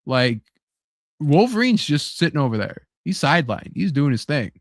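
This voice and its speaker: A man hosting a casual chat show, talking excitedly and rambling with lots of fillers and swearing. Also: on the high side, normal speed, no echo, clean studio sound. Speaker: podcast host.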